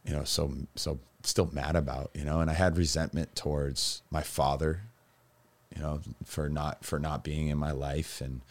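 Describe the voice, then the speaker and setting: A man's voice: extremely low pitch, flat delivery, normal speed. A man telling his own story as a guest, rambling and candid, with lots of restarts and fillers. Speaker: guest recounting his recovery.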